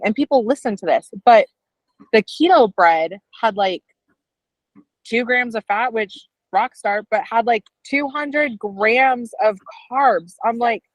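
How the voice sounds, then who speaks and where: Here a woman with a medium-pitched voice speaks fairly quickly, co-hosting a relaxed live stream. She studies dietetics and drifts through talkative stories, leaning on fillers, plenty of "like"s, and restarts. There's no room sound, and the recording quality is low.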